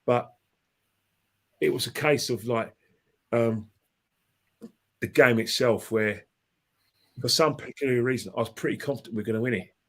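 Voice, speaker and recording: A man's voice: medium pitch, normal speed, long pauses, fairly bright tone. A man telling a long football story as a podcast guest, rambling and impassioned, with many restarts and repeated phrases. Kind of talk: casual anecdotal storytelling.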